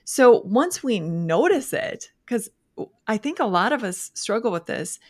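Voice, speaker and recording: A woman's voice: on the high side, sing-song, a little slow, darkish tone. A woman hosting a podcast interview, curious and prompting, often affirming with a brief "okay" or "mm-hmm.". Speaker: podcast host. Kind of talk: casual interview conversation.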